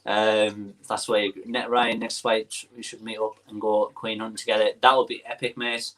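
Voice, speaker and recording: A man's voice: lowish voice, little pitch movement, normal speed, a bit bright. Young man, Teesside accent, friendly livestream host reading chat aloud, casual and rambling. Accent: Teesside English. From northeast England. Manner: chatty, reads comments aloud, lots of ums.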